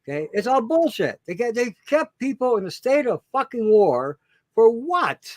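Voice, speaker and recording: High-voiced blunt man ranting, dry sound. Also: sing-song, moderate pace, no echo. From Canada. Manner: emphatic, repetitive, swears heavily. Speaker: guest, show host himself.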